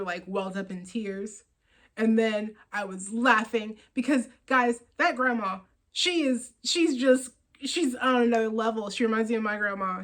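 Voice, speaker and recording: Casting note: woman knitting podcaster, chatty and excitable, quick laughs and rambling asides. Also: fairly high pitch, low-quality recording. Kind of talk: casual chat showing yarn purchases.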